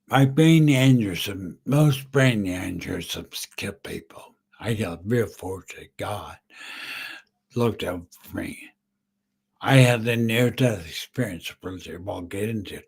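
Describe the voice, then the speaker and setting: A middle-aged man hosting a live podcast, halting and choked up as he tells his own story through tears. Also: on the low side, breathy edge. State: tearful. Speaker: podcast host. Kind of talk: live-streamed personal story.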